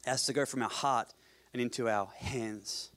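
A man preaching a sermon as pastor at a church service, swinging between loud emphatic passages and quiet low asides. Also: fairly even intonation, normal speed.

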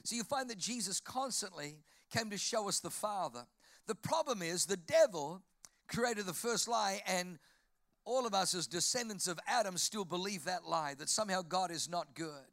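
A man with an Australian accent preaching a sermon, telling jokey stories in an animated way. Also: sits high, moderate pace, no room sound, studio quality. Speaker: pastor.

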